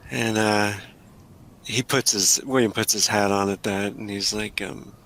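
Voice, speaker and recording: A man describing his character's actions in a tabletop game, pausing often with fillers. His fairly low voice is bright and gravelly. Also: steady tone, a little hiss or hum. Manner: hesitant, many fillers. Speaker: player.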